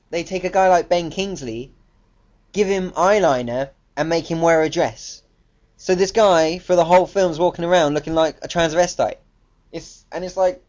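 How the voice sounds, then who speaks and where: A man's voice: fairly high pitch, darkish tone. Blunt, swearing man ranting on lo-fi audio. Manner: blunt, profane, exasperated. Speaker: film reviewer. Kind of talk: casual ranting film review.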